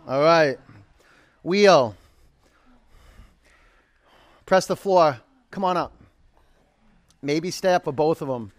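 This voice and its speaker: A man's voice: a little high, slow pace, long pauses, dry recording. Man counting through a yoga class. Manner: counts down holds, gives encouraging cues. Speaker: yoga instructor. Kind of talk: live yoga class instruction.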